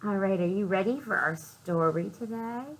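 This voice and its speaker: With a medium-pitched voice, a woman librarian reads a picture book to young kids, slow and expressive, asking questions and whispering to heighten suspense. The audio is poor, with a bit of hiss or hum.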